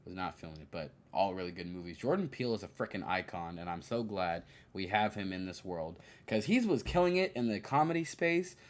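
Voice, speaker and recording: A young man hosting a podcast, chatting casually about movies in a lively, slangy way full of fillers. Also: deep voice, a little fast, few pauses. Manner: animated, slangy, many fillers and quoted asides. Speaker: podcast host. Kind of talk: casual solo movie review.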